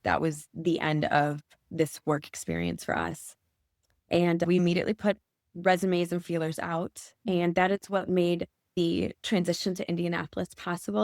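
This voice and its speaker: A woman in her forties from Michigan, speaking as a podcast guest. Her voice sits low and carries a gravelly fry. She recounts a personal story with earnest feeling, close and dry on the mic. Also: darkish tone, dry recording. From Michigan, USA.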